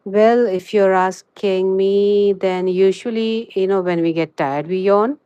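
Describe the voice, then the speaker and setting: A woman's voice: mid-range voice, steady tone, mellow, smooth, dry recording, lo-fi sound. Chatty woman streaming a crochet lesson. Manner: chatty, fills pauses with "you know". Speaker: crochet livestreamer. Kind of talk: live crochet tutorial and chat.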